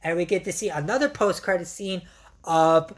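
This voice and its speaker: Female reviewer with a deep voice; chatty, eager, repetitive delivery. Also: expressive, normal speed. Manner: enthusiastic, repetitive, frequent fillers. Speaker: movie reviewer. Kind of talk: casual spoken movie review.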